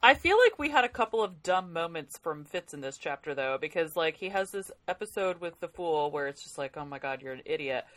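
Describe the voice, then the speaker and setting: A woman co-hosting a casual podcast about a novel, animated and laughing as she reads quotes. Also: on the low side, a little fast, hardly any pauses. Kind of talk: casual book club podcast chat.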